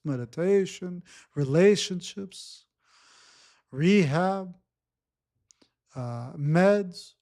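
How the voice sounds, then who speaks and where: Man, slightly high voice, unhurried, coaching breathwork with repeated instructions. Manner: slow, repetitive, gently instructive. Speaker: breathwork facilitator. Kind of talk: guided breathwork talk.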